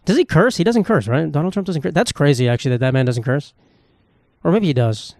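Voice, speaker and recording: A man's voice: fairly high pitch, lively intonation, a little fast, a little mellow, no room sound, clean studio sound. A young man hosting a solo podcast, rambling and swearing in a self-mocking, casual way. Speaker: podcast host. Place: home room with knickknacks.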